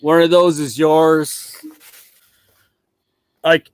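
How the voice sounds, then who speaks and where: A man talking haltingly with restarts in a casual group chat. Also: on the high side, flat delivery, clear, resonant tone, no room sound, poor audio.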